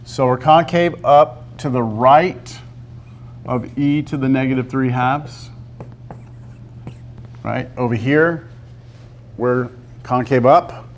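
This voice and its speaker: A man teaching a calculus lesson to a class. He talks through a graph step by step and keeps pausing to ask the students whether they see it. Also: medium pitch, slight background noise. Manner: talks to the class, asks lots of check-in questions. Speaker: math teacher.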